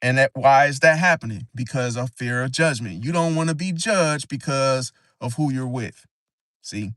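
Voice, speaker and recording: Halting rambling man, dry close sound. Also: mid-range voice, fairly bright tone, dry recording. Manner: rambling, halting, frequent "see?" tag. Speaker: astrology channel host. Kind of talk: casual livestream talk.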